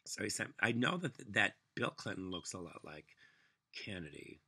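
A man's voice: fairly low pitch, sing-song, normal speed, pushed and bright, breathy edge. A man delivering a solo political rant, angry, profane and sarcastic. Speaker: vlogger.

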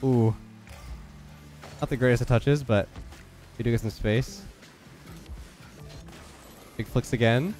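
A young man with a stuffed-up, nasal voice, giving quick, focused play-by-play commentary on his own game. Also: mid-range voice, fairly even intonation, a little mellow, soft background music. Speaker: gaming YouTuber. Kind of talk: live gameplay commentary.

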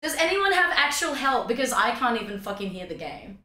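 A woman live-streaming a game in a roomy, echoing space with faint music behind her. Her pitch is fairly high and swings widely as she swears, frets and sing-songs hellos to chat. Her voice sounds a little worn out. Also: a little fast. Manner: animated, swearing, sing-song greetings to chat.

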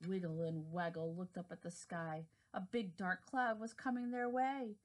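A woman preschool teacher reading a children's storybook aloud with an expressive, animated delivery. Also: lowish voice, moderate pace.

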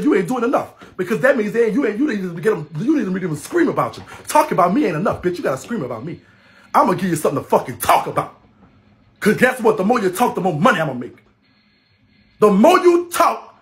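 Brash high-voiced New man ranting. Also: very animated, quick pace. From New Orleans, Louisiana. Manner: brash, loud, laughing, heavy cursing. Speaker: livestream host. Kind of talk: profane livestream rant. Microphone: phone livestream.

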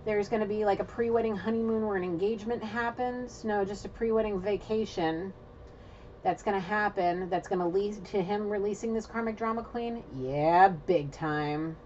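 A woman's voice: mid-range voice, moderate pace, muffled recording, slight background noise. A woman giving an intuitive spiritual reading in a casual, rambling way, talking straight to her viewers and swearing now and then. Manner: excitable, rambling, swears, talks to viewers directly. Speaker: intuitive reader.

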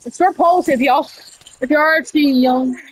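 A woman improvising a casual role-play over voice chat, her voice sitting fairly high. She rambles, restarts her sentences and suddenly jumps into excited high shouts. A faint noise hums underneath. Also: normal speed, poor audio. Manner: rambling, with many restarts and y'all. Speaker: roleplayer running a candy store character.

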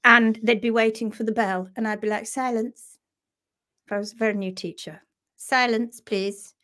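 Animated, laughing woman. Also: medium pitch, fast talker. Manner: animated, self-mocking, laughs often. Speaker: host of a live horse-care session. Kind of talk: casual live storytelling.

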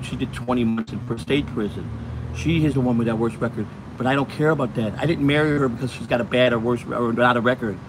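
A man's voice: mid-range voice, noisy background. A man hosting a livestream, ranting angrily and profanely while walking outside on his phone. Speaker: host. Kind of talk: angry livestream rant. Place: outdoors, walking in hot sun.

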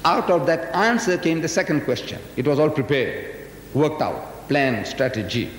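A man's voice: big pitch swings, moderate pace. A man in his seventies giving a public lecture, telling a story with emphatic rhetorical questions. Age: 70s. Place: large lecture hall. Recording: echoey hall recording, faint rumble.

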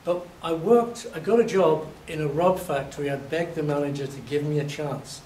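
Man, university lecturer, lively storyteller, slightly hoarse, echoey room. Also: on the high side, moderate pace. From England. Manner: lively storytelling, acting out examples. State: voice a little hoarse. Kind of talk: classroom lecture. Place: lecture hall. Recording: echoey hall, distant mic, faint noise.

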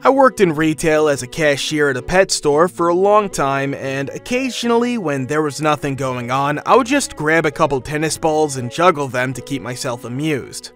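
Male story narrator, slightly high voice, even scripted delivery, faint music bed. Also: moderate pace, hardly any pauses.

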